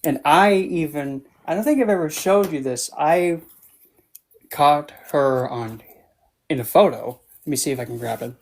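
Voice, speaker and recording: A man's voice: on the high side, a little slow. A man chats casually as a livestream guest and author. He tells long, meandering anecdotes, circling back on his words and restarting as he goes. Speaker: book club guest and author.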